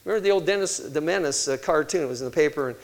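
An older man preaching a sermon, telling family stories and acting out quoted voices with animated delivery. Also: on the high side, rapid-fire, poor audio.

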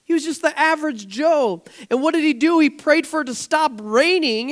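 A male pastor preaching a casual, storytelling sermon in a church, growing animated and nearly shouting when excited. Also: very high voice, a little fast, few pauses.

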